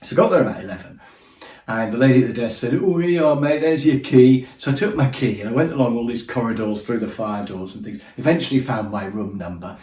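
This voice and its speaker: A man's voice: fairly low pitch, fast talker, a little mellow. A man telling his travel stories in a chatty, self-deprecating way, acting out the funny moments. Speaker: storyteller. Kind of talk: casual anecdote telling. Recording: echoey room, voice from a distance.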